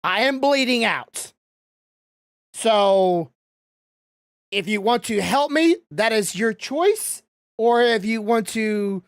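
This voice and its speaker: A woman's voice: medium pitch, dry recording, clean studio sound. A woman voicing a lost, panicked young man who stammers and sounds frantic.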